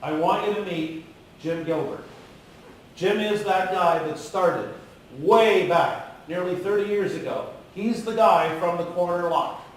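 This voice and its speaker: A man giving a live motivational business talk in a large room, animated and coaxing the audience to call out answers. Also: high-pitched, a little slow, a little hiss or hum. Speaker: keynote speaker. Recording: very echoey hall, far from the mic.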